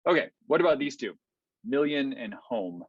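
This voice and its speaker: A man lecturing over a video call, talking things through in a loose, explanatory way and filling pauses with ums and okays. His voice sits in a middle pitch. The audio is dry and a little dull and lo-fi. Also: expressive, husky, no echo. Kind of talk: online academic lecture.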